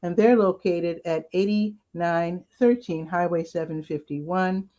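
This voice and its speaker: A woman's voice: lowish voice, measured pace, mellow. A woman hosting a casual rundown of local weekend events, chatty and upbeat with asides, her voice cracking now and then. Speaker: community events host.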